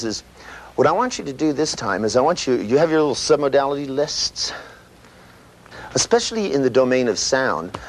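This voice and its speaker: A man giving a live seminar lecture, animated and profane, acting out voices and sound effects as he teaches. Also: mid-range voice. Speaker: seminar trainer. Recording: noisy live seminar recording.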